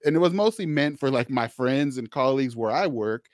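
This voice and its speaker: Speaking fairly quickly with an expressive, mid-range voice, a social worker who hosts a podcast keeps his guest interview relaxed and conversational. He often restarts sentences and says "you know," and the studio recording is dry.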